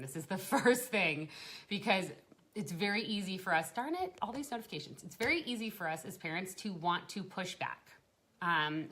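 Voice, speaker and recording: Chatty mom hosting a live stream. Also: female voice, on the low side, bright, forceful tone. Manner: chatty, laughs often, many fillers and restarts. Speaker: parenting group host. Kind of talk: casual live-stream talk.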